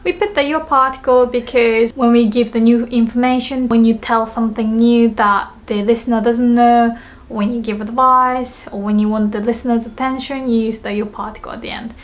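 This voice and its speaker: A woman teaching Japanese in an online lesson, explaining clearly and slowing down to model phrases. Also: fairly high pitch, fairly even intonation.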